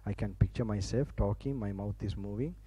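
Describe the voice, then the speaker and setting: A low, mellow, breathy-edged voice speaks fairly quickly, recorded poorly but with no room sound. It belongs to a Buddhist monk from Sri Lanka, native in Sinhala, delivering an English Dhamma talk with guided relaxation to a live university hall audience. His manner is chatty and informal, with frequent laughter and restarted phrases.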